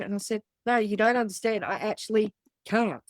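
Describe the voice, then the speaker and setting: A woman's voice: medium pitch, lively intonation, brisk, no echo. A middle-aged woman with an Australian accent, a podcast guest telling her story candidly and bluntly, swearing freely and acting out the voices of others.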